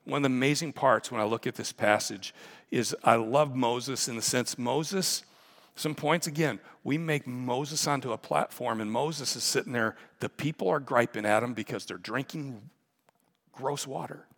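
A man's voice: medium pitch, normal speed, a bit bright. Earnest preaching man in a reverberant hall. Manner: earnest, conversational preaching with restarts. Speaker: pastor. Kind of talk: sermon. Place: church sanctuary. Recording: long reverb of a large hall.

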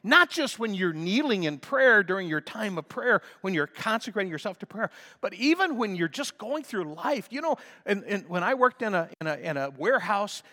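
An older man preaching a sermon as a pastor, swinging between hushed talk and impassioned shouts. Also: high-pitched, very animated, normal speed, hardly any pauses, long reverb tail.

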